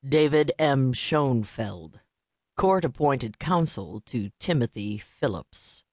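A woman doing a smooth, crooning lawyer. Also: a bass voice, animated, darkish tone, no room sound, full character voice. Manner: smooth, drawn-out syllables.

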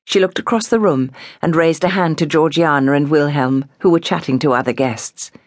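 Reading scripted audiobook narration, a deep-voiced woman tells the story in a measured and expressive way. The sound is studio quality, with no echo.

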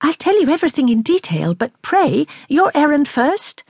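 A woman reading the part of an anxious, impulsive titled lady who talks imploringly and excitably. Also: high-pitched, moderate pace, no room sound, clean studio sound, voice pushed up. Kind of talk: audiobook character reading.

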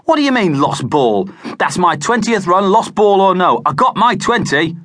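A man's voice: sits high, sing-song, normal speed, a bit bright, no echo, clean studio sound, voice pushed up, full character voice. A man voicing a bossy, hot-tempered village schoolboy in an audiobook, speaking indignantly and insistently.

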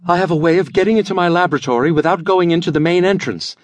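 A man voicing a dashing, confident young scientist in an audiobook, brisk, reassuring and commanding. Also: high voice, no echo, voice pushed up, close to an everyday voice. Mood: assured.

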